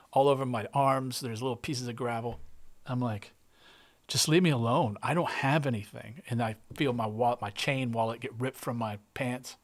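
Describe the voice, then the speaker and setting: Man guest, casual storyteller, present-tense and blunt, trips over his words. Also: medium pitch. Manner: vivid present-tense retelling, swears, frequent restarts. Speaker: guest artist.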